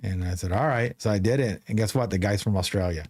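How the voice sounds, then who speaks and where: A man's voice: fairly low pitch, fast, darkish tone, husky. A man hosting a podcast, telling a long story in casual chat with many restarts. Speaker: podcast host.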